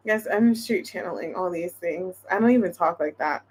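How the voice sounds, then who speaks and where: A woman's voice: medium pitch, animated, fast, few pauses, a little hiss or hum. A woman giving a casual tarot reading to her viewers, thinking aloud in a chatty way with lots of restarts. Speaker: tarot reader.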